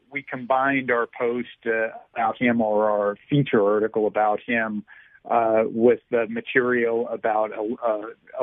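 An older man, a journalist guest, talking in a halting, measured way with many fillers. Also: mid-range voice, no echo. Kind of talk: phone-in radio talk. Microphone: phone. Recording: tinny phone line, dry.

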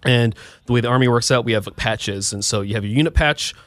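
A man's voice: medium pitch, quick pace, no room sound. A man, an Army veteran in his thirties, chatting casually and rambling with many fillers and restarts. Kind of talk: casual conversational storytelling.

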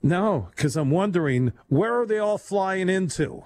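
A man hosts a late-night radio talk show in a slightly high voice. He rambles in an animated way and laughs often. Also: slow pace, long pauses.

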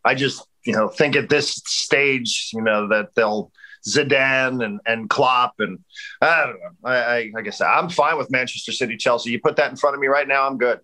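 Male co-host, bright tone, easygoing, rambling sports chat. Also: mid-range voice, moderate pace, low-quality recording.

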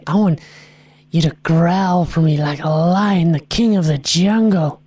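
Give me a woman with a mellow voice, teasing and flirting on a prank call. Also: lowish voice, measured pace, breathy edge, no room sound. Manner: flirty, teasing, giving playful orders. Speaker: radio prank caller.

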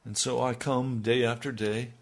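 An older man preaching on the radio as a pastor, earnest and reflective, his voice sinking low at the ends of thoughts. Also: level tone. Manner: slow, earnest, dropping to near-murmurs. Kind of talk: radio sermon.

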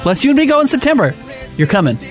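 A man's voice: very high-pitched, sing-song, racing, soft background music. A man co-hosting a sports radio show, bantering casually with emphatic, joking asides.

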